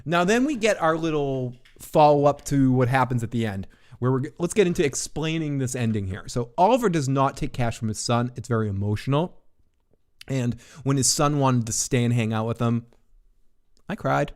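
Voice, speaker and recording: Excitable man ranting through a TV recap. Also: normal speed. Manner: excitable, swears, jumps in pitch when worked up; rambling, restarts often. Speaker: TV recap reviewer. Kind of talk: casual spoiler recap. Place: his apartment.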